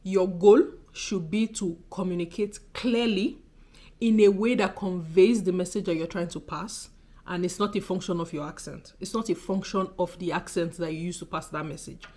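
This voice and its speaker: A young Nigerian woman with a Nigerian accent vlogs directly to the camera, emphatic and exasperated as she fires off rhetorical questions again and again. Her voice is on the low side and warm, with fairly even intonation and a moderate pace.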